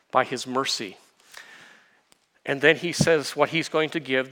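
Bright-voiced preaching man. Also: mid-range voice. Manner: expository preaching, builds to impassioned emphasis then drops to quiet; uses homely illustrations and rhetorical questions. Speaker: pastor. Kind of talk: sermon.

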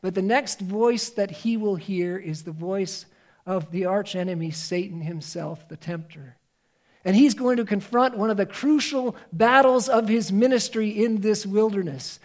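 High-voiced earnest male preacher. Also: measured pace. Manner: earnest, emphatic, shifting between raised and hushed delivery. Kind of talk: sermon.

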